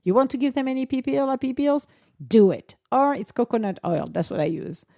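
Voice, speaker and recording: A woman's voice: sits high, expressive, fast talker, creaky, warm tone, dry recording, studio quality. A woman chatting casually in a vlog, telling stories animatedly, with laughter and acted-out quotes. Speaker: vlogger, dog owner. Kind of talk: casual chat.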